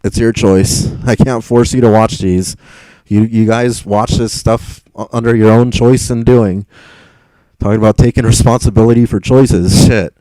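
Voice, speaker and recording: A frustrated young man rambles through a live stream, answering his chat and tripping over repeated words. His voice is dark and smooth, recorded dry and close. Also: fairly low pitch, steady tone, moderate pace, no echo, rough recording.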